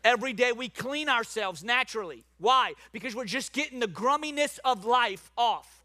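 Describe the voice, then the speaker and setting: New Orleans preacher, bright and high. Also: male voice, lively intonation, moderate pace. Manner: starts low and quiet, builds to loud preaching. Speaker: pastor. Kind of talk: sermon.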